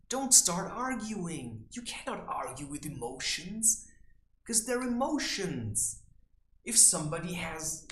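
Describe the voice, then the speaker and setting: A man giving advice in a rambling casual monologue, saying "you know" constantly and mocking people in high teasing voices. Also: a bit bright, roomy sound, a little hiss or hum. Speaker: vlogger giving life advice.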